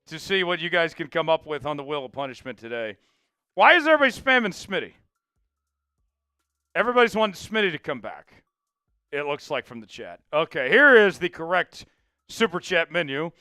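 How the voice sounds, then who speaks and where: Man, livestream sports host, bright sharp voice, gravelly edge, dry close sound, hyped and pleading. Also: a little high, dry recording. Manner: hyped, pleading with viewers, mock outrage. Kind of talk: casual live-stream chat.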